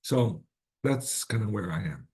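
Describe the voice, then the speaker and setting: Closing out an online presentation, this man speaks a little slowly in a low, expressive, darkish voice that sounds slightly lost. He keeps it informal and encouraging, with many restarts and a habit of asking "right?".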